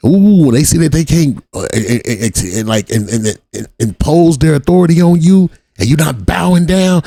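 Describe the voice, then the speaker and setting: A man's voice: fairly high pitch, expressive, moderate pace, vocal fry, few pauses, mellow, no echo. A man from Watts giving blunt, profane reaction commentary on a video as the channel host. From Watts, Los Angeles. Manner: blunt, profane street talk.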